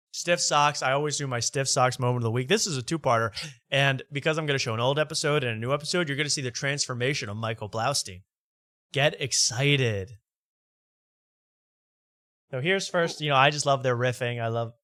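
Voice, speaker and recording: A man hosting a late-night comedy show, riffing in loud, rambling, jokey rants. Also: mid-range voice, no echo, studio quality. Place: studio.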